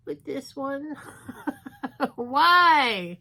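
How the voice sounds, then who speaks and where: A woman's voice: medium pitch, a little slow, gravelly, pauses often. A woman in her fifties chatting casually through a makeup tutorial, joking at her own expense as she works. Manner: chatty, self-mocking, thinking aloud while applying makeup. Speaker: beauty vlogger.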